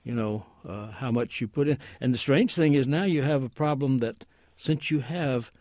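A man's voice: mid-range voice, normal speed, darkish tone, dry recording, studio quality. A man who is a guest language expert on a call-in radio show, explaining at length with many hesitations and asides.

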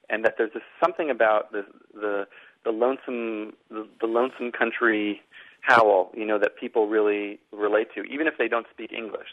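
A middle-aged man from Boston talks through his answers as an interviewed author, circling back and repeating himself. His voice sits a little low. It comes over a narrow, phone-like line. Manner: rambling, with frequent repeated words. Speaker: author and guest.

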